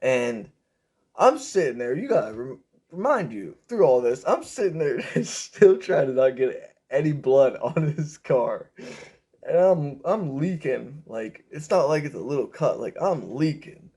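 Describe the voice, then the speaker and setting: A young man rambling through a personal story with lots of fillers, raising his pitch when he quotes people. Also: big pitch swings, measured pace, warm tone, breathy edge. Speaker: vlogger telling a story. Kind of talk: casual storytelling.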